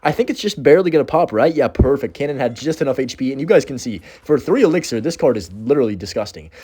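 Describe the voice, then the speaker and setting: A young man rattles off live gameplay commentary at a quick clip, excitable and quick to yelp at close calls. His voice sits on the dark, mellow side. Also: mid-range voice, breathy edge. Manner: excitable, talks fast and reacts loudly to the play. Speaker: gaming video creator.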